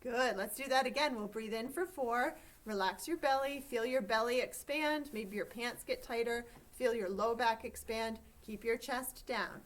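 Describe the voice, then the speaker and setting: A woman teaching a choir, giving calm, step-by-step instructions for breathing and vocal warm-ups. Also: fairly high pitch, normal speed, few pauses.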